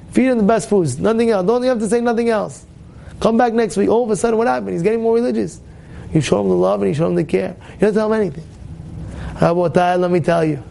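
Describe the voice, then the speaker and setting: A man's voice: extremely high pitch, moderate pace, creaky, darkish tone. A man teaching a Torah class, impassioned and repetitive, acting out the voices in his stories. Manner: impassioned, repetitive, acts out dialogue. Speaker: rabbi giving a Torah class.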